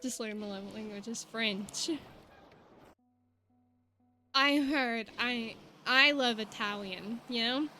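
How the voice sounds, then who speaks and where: Young gal rambling to her stream chat, high voice, bright and sharp. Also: slow, long pauses, soft background music. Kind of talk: casual chat with stream viewers.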